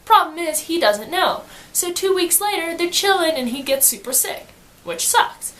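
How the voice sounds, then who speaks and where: A woman giving a casual book summary in slangy, animated storytelling, acting out quotes as she goes. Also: very high voice, normal speed, a little hiss or hum. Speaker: student reviewer.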